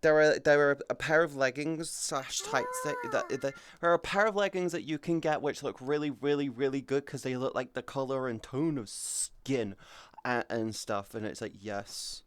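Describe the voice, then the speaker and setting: A man's voice: mid-range voice, very animated, normal speed, a little hiss or hum. A British man chatting casually on a live stream, rambling and swearing as he goes, with lots of restarts, close to the mic. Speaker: VTuber streamer.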